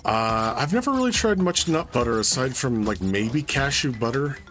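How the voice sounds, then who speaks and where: A man's voice: mid-range voice, moderate pace. A man streaming a platform game, chatting casually while he plays. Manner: relaxed, chatty, swears when he fails. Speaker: gameplay streamer. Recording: livestream with game music behind. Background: game music.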